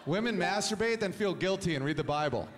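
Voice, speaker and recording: A male stand-up comedian in his thirties delivers a crude set in a slightly high voice, wry and quick to chuckle. There is a faint hiss under his voice. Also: animated.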